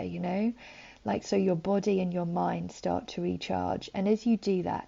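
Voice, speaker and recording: A woman speaks in a gentle, conversational way, dipping now and then into a soft whisper. Her voice sits low, heavy with gravelly fry and mellow in tone. The audio is dull and lo-fi. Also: steady tone, normal speed. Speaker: preacher. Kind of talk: short devotional talk.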